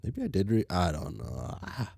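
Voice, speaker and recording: A man streaming as he reads a webcomic aloud, talking casually, often halting and stammering. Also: sits low, huge pitch swings, creaky, a little mellow, slightly rough, dry recording, clean studio sound. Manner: halting, stammers and restarts, mutters to himself.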